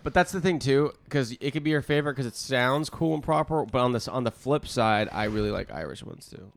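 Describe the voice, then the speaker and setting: A man's voice: mid-range voice, lively intonation, fairly quick, gravelly. A young man co-hosting a casual podcast, blunt and profane, given to exasperated rants. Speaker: podcast co-host. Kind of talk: casual chat.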